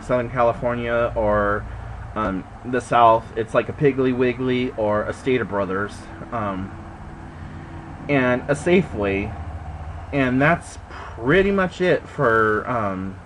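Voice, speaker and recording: A man telling a story in a casual vlog, animated and indignant, swearing and jumping high in pitch when he quotes himself. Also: slow pace, slight background noise, poor audio. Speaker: vlogger. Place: indoors at home.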